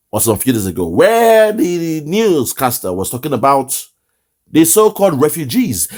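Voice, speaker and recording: A man with a Nigerian accent and a fairly high, darkish voice hosts online political commentary. He is impassioned, fiery and mocking, and he often breaks into laughter.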